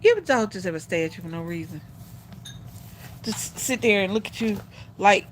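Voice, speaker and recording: A woman's voice: medium pitch, lively intonation, normal speed, pauses often, slight background noise. A woman hosting a casual livestream, chatting with her viewers and calling them y'all. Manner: sing-song coaxing to her dog. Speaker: livestream host.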